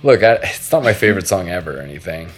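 Low-pitched and animated, this podcast host talks fast over soft background music. His casual chat wanders and turns profane, and he keeps restarting his sentences.

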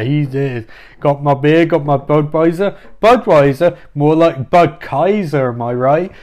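A man's voice: fairly high pitch, moderate pace, darkish tone. A man doing a rambling, crude improvised comedy monologue at home. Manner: rambling, crude, self-mocking.

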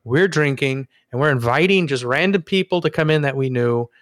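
A man co-hosting a podcast, telling a story in a lively, casual way with some swearing. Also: mid-range voice, brisk, no room sound, clean studio sound. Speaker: podcast co-host.

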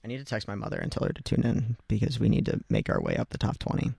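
A man's voice: on the low side, huge pitch swings, quick pace, creaky, darkish tone, husky, no room sound. A young man co-hosting a radio show in casual chat, joking and laughing often. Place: radio studio.

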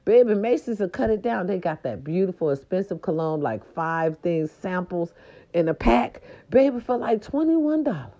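Sassy, playful woman podcast host, mellow tone. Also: on the low side, animated, moderate pace, lo-fi sound. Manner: sassy and playful, growls for fun. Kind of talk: casual holiday chat to listeners.

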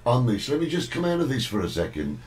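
A man's voice: mid-range voice, very animated, fast talker, recorded from a distance, rough recording. A man hosting a casual talk show, chatting and reading out viewer greetings. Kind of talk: casual chat.

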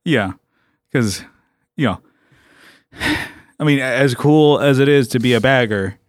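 A man co-hosting a comedy podcast in an ordinary mid-pitched voice, laughing a lot and egging on the jokes. He is recorded close and dry, with no echo. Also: measured pace. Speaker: podcast co-host. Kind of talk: casual comedy podcast chat.

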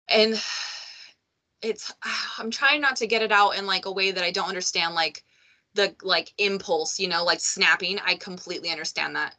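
A woman's voice: on the low side, moderate pace, sharp tone. A woman hosting a podcast, talking candidly in a loose, conversational way, full of "like" and "you know". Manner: candid and conversational, many fillers like "like". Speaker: podcast host.

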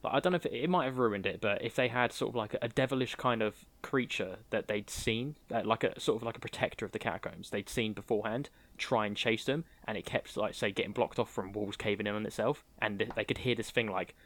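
A man with a somewhat low voice, chatting loosely about horror films. He is playful and talkative and keeps slipping into acted-out bits of scenes. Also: fast talker, hardly any pauses, a bit bright. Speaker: podcast co-host. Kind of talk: casual film review chat.

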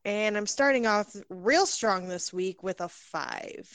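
A woman playing a tabletop game, relaxed and hesitant, full of fillers. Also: medium pitch, takes it slowly, clean tone, dry recording. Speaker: player. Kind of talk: casual tabletop play.

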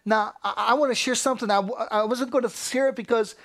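A man preaching with fervent, repetitive cadence. His sermon swings between near-shouted declarations and soft, hushed whispers. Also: very high voice, steady tone, fast talker. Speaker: pastor.

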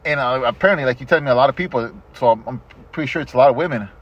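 A middle-aged man hosting a casual podcast chat, telling stories in an animated, profane way. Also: medium pitch, racing, slightly rough. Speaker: podcast host. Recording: dull lo-fi podcast audio.

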